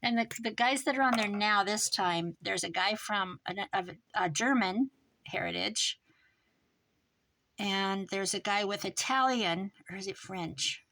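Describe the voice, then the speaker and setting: A woman's voice: mid-range voice, unhurried, gravelly. Chatty woman rambling while crafting. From American Midwest. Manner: rambling, thinks aloud while working, drifts quieter. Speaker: craft vlogger.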